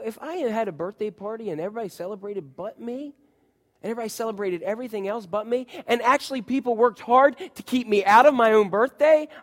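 A man in his forties preaching a sermon, telling stories to his congregation in a lively, conversational way. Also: sits high. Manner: storytelling, animated, conversational with congregation. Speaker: pastor. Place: church sanctuary. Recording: long reverb of a hall.

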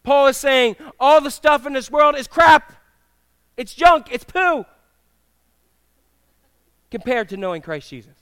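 A middle-aged male pastor preaching a sermon in a church, telling humorous stories with animated, acted-out quotes. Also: very high voice, unhurried, long pauses, no room sound. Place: church sanctuary with congregation.

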